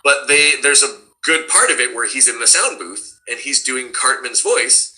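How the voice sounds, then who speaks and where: Animated bright-voiced man talking shop. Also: mid-range voice, normal speed, low-quality recording. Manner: animated, slips into character voices. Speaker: cartoon voice actor. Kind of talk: casual chat.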